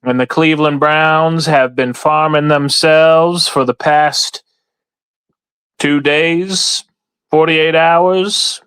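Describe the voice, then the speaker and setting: Man doing a put-on Southern gentleman farmer: slow, grand drawl, pitched up, dry sound. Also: steady tone, clear, resonant tone, no echo. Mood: grandly folksy.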